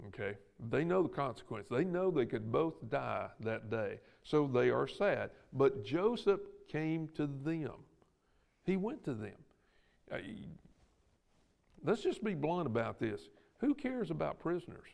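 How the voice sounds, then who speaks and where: A Southern man leads a Bible lesson in a church classroom, his voice rough and gravelly at mid pitch. He talks in a folksy, plainspoken way and acts out the lines he quotes. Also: darkish tone. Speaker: Sunday school teacher.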